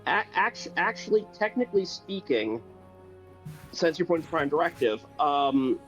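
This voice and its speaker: A man's voice: on the high side, normal speed, soft background music, poor audio. Stammering male tabletop player. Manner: stammering, restarts, lively. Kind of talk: tabletop game chat.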